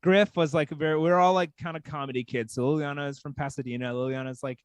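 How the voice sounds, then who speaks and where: Podcast guest, man from Texas, higher voice, chatty and laughing through his story. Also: fast talker, smooth, no echo. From Texas, USA. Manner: animated, lots of "like", laughing while he talks. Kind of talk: casual comic storytelling.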